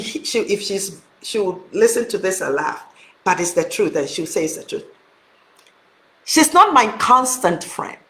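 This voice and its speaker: A woman with a fairly high voice giving an earnest, emphatic motivational talk to her viewers. The recording is roomy, with a noticeable echo around her. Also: a bit bright. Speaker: host.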